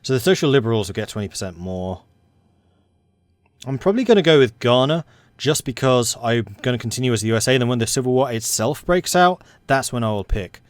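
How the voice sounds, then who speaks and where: An excitable young Englishman rambling through commentary on a strategy game he is playing. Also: medium pitch, brisk, dry recording. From England. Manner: excitable and rambling, self-described hyper. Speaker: let's play host. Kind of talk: gaming commentary.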